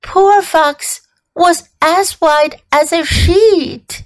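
A woman English teacher reading a storybook to children and slowly explaining phrases. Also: extremely high pitch. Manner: slow, clear, explaining and repeating for children.

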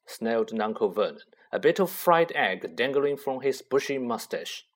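A man narrating a storybook with expressive, varied intonation. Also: mid-range voice, normal speed, few pauses. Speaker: audiobook narrator.

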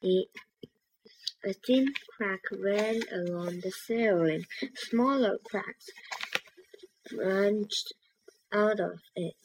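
A woman reading a children's book aloud, halting and restarting on words. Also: medium pitch, slight background noise, poor audio. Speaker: reader.

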